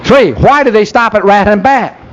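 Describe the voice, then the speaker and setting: A man's voice: high-pitched, normal speed, dull audio, slight background noise. A man giving a folksy, sarcastic church lecture, full of rhetorical questions, on an old 1970s tape. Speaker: speaker.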